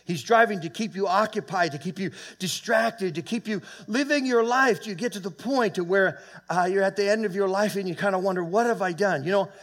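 A man preaching a sermon to his church, emphatic, with loud peaks, quiet asides and frequent halting restarts. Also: high-pitched. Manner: halting, with many fillers and restarts. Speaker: pastor. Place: church sanctuary.

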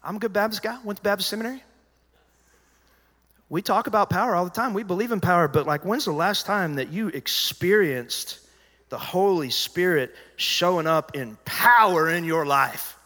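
High, bright-voiced preacher in a big hall. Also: male voice, normal speed. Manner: animated, conversational preaching with acted-out quotes and dropping to a hushed voice. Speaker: pastor. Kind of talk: sermon. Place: large church auditorium. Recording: reverberant church hall.

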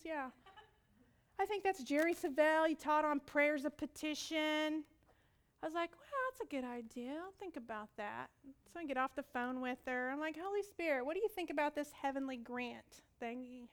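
A woman preaching a sermon, telling a personal story with lively audience prompts and frequent laughter. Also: high voice. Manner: laughs often.

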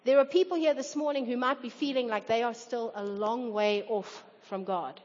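Speaking at a normal speed, a woman with a fairly high, slightly mellow voice preaches earnestly to a congregation in a church hall. She occasionally acts out quoted voices, and the hall recording sounds dull and reverberant.

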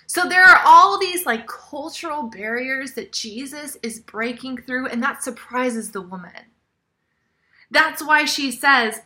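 Woman preaching, chatty and sharp-toned, voice sits a bit high, slips into soft near-whispers. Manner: conversational, often dropping to a soft near-whisper. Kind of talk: sermon.

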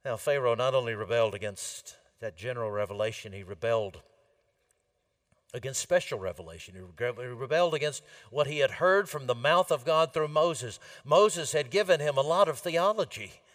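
A man preaching a sermon in an earnest way, building to emphatic repeated lines and then dropping soft and low. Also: expressive, normal speed.

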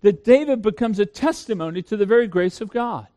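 A man's voice: high-pitched, animated, fairly quick, dark tone. A man preaching a sermon in an earnest way, often repeating words as he starts a sentence. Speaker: pastor.

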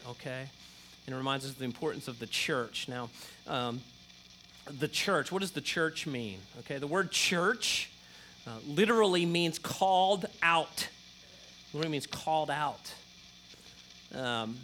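A man's voice: fairly high pitch, pushed and bright, a little hiss or hum. A middle-aged man preaching a sermon, emphatic and repetitive, often checking in with the congregation. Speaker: pastor.

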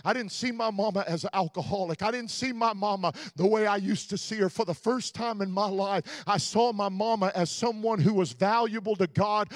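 A middle-aged man preaching, telling an emotional personal story in an earnest voice that drops to a hush at times. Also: high-pitched, no echo, clean studio sound. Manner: emotional, earnest testimony with soft hushed passages. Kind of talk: sermon storytelling.

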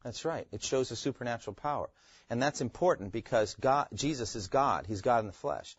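A man's voice: mid-range voice, brisk, husky, no echo, muffled recording. Man teaching a Bible class. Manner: asks the class questions and repeats key phrases.

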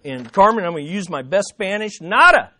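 Emphatic, lively high-voiced man preaching. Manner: emphatic, repeats key phrases for stress; slows down on key statements. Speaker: pastor. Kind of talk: sermon.

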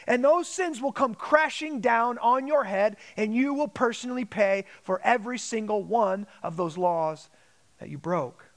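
High-pitched guy preaching, big emphatic delivery, acts out little quotes. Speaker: pastor. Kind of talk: sermon.

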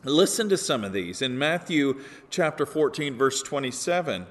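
A man's voice: mid-range voice, big pitch swings, normal speed, fairly bright tone. A pastor delivering a sermon, earnest and explanatory, rising to emphatic peaks when he quotes scripture. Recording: long hall reverb.

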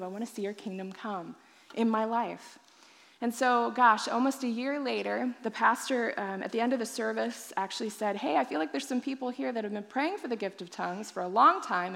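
A woman pastor telling a personal testimony in a sermon, acting out her own past thoughts with animated storytelling. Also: mid-range voice, creaky, long reverb tail.

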